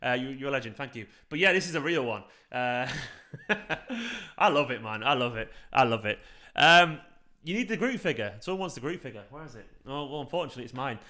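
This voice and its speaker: A young adult man hosts a football fan live stream in a relaxed, off-the-cuff way. His voice is bright and forceful, with an ordinary middle pitch. He gets excitable and swears casually as he reacts to messages from viewers. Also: brisk. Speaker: football fan channel host reading live chat.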